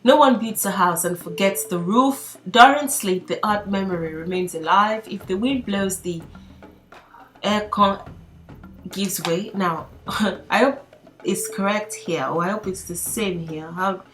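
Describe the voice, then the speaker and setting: A woman's voice: mid-range voice, a little slow, a bit bright. A woman teaching a language lesson in a chatty, casual way, reading lines aloud and explaining them with frequent fillers and laughs.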